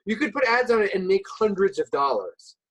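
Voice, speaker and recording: A man chatting as a podcast guest in a somewhat high voice that rises and falls a lot. He talks hesitantly, packing in "like" and "uh" and restarting his sentences as he goes. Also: sing-song, a little fast, fairly bright tone, rough recording. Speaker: podcast guest, subreddit moderator. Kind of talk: casual podcast chat.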